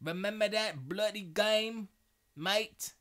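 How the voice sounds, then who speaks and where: A man's voice: high voice, slow pace, fairly bright tone, pitched above the performer's own voice. A man playing a boastful male games executive in a put-on English accent, full of cocky swagger. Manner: cocky, exaggerated mock-British swagger.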